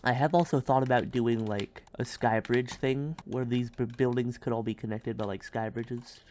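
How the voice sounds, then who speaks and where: A man's voice: mid-range voice, fairly even intonation, normal speed, a little hiss or hum. Man, casual game streamer, rambling, goofy, sudden silly yelps, keyboard clicking in the background. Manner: goofy, rambling, bursts of silly loud outbursts. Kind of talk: casual gameplay commentary.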